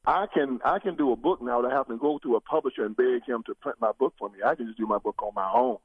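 An older man talking politics as a guest, preacherly and emphatic, his pitch rising in big sweeps as he presses each point. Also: fast, breathy edge, no echo. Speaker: guest commentator. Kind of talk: political talk show conversation. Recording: tinny phone line.

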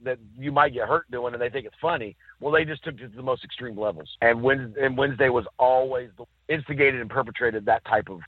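A man co-hosting a casual chat, telling stories with lively acted-out quotes. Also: medium pitch, a little fast, husky, dry recording. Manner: animated storyteller, acts out quotes. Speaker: podcast co-host. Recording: dry, tinny phone-like sound.

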